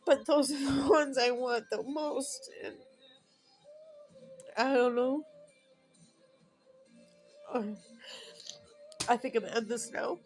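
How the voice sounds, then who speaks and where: A woman's voice: sits high, slow, long pauses, faint music behind, poor audio. A woman in her fifties talking alone at home in a rambling, emotional personal vlog. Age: 50s. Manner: emotional, rambling, tearful at times. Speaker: vlogger.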